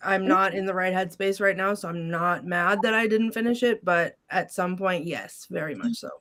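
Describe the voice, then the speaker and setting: A woman's voice: fairly low pitch, normal speed, a bit bright. A woman co-hosting a podcast who speaks in a hesitant, thoughtful way. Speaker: podcast co-host. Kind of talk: casual chat.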